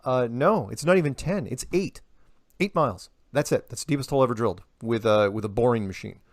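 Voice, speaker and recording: A man's voice: medium pitch, a little fast, no echo, clean studio sound. A man talking in a casual podcast conversation, rambling, laughing often and acting out the quotes he reports. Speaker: podcast guest.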